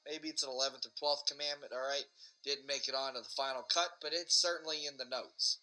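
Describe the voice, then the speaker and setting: Man, podcast host, rambling profane rant, tense bright tone, a bit high, faint music under. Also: fairly quick, low-quality recording. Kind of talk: casual rambling monologue.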